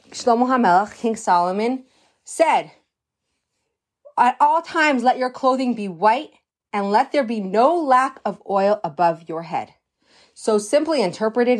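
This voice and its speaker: A woman giving a religious lesson, telling a parable in an animated way and slowing down to stress key points. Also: medium pitch. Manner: animated storytelling, slows for emphasis. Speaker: religious teacher.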